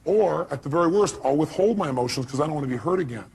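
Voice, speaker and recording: A man's voice: a little high, animated, very fast, vocal fry, darkish tone, slightly rough, low-quality recording. A man giving an emphatic motivational speech to a live audience, firing off rhetorical questions. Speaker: motivational speaker.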